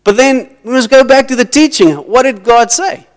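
Male preacher, high and clear, animated delivery in a reverberant church hall. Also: moderate pace. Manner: animated, acts out dialogue, switches between English and Afrikaans. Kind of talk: sermon.

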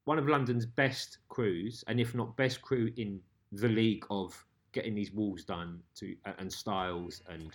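A man interviewing a guest in a casual chat, with halting restarts as he talks. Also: on the low side, fairly even intonation. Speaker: interviewer and narrator.

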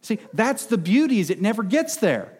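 A man preaching a sermon as pastor, emphatic, swinging between loud outbursts and soft, low passages. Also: very animated, moderate pace, husky. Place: church sanctuary. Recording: long reverb of a large hall.

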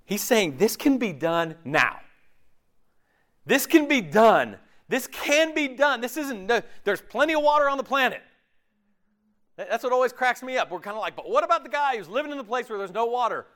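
A man preaching a sermon in a conversational, animated way, often acting out imagined voices. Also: sits high, fairly quick.

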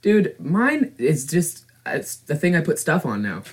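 A man's voice: on the high side, huge pitch swings, unhurried, slightly rough. A young man co-hosting a podcast, chatting casually, laughing often and steering the topics. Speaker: podcast co-host. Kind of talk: casual chat.

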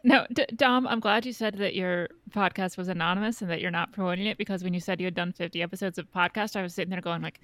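A woman co-hosts a podcast, answering listeners in a relaxed, easygoing way with the odd swear word. Her voice sits at a mid pitch. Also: fast talker, few pauses, dry recording. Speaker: podcast co-host. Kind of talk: casual podcast chat.

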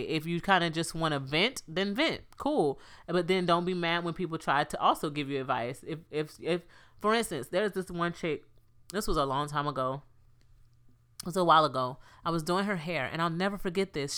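A woman's voice: sits low, clear, resonant tone. A woman co-hosting a casual podcast, telling stories and acting out quotes. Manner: animated storyteller, acts out quotes. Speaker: podcast co-host. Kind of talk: casual chat.

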